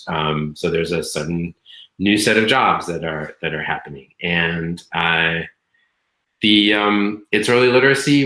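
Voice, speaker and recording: A man's voice: low voice, pushed and bright, echoey room, poor audio. A man speaking on a panel about his tutoring program, hesitant, with many fillers and restarts. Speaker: education program leader. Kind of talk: panel discussion.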